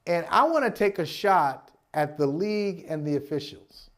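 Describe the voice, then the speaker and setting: A man's voice: on the high side, expressive, normal speed, lightly acted. A man voicing a calculating male basketball head coach who is defiant about the league, in a talk-show segment.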